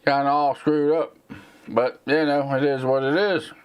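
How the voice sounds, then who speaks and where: A man's voice: on the high side, level tone, unhurried, smooth. Rambling Southern American man, slight slur. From United States. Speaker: tech channel host. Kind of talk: live stream Q&A chat.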